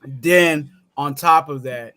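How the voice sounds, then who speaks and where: A man's voice: a little high, slow, pushed and bright. A man, a guest on a casual podcast, sleepy from just waking up, stammering and repeating words as he talks. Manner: stammering, repeats words while starting sentences.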